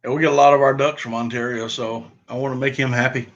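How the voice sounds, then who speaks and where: A man's voice: medium pitch, steady tone, quick pace, fairly bright tone, lo-fi sound. A middle-aged man with a Southern US accent, telling hunting stories in an easygoing, rambling way on a casual outdoors livestream. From Southern United States. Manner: easygoing, rambling storyteller with many fillers. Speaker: podcast host.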